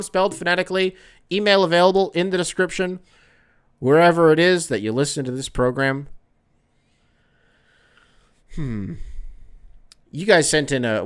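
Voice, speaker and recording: Man, podcast host, casual sports chat, rambling, joking, bright forceful tone. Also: a little high. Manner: rambling, joking, swears freely.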